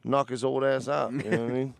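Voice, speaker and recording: A man co-hosting a casual podcast, telling an animated, profane story with quoted voices. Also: medium pitch, fast, gravelly, smooth, dry recording, studio quality. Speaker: podcast co-host. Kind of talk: casual chat.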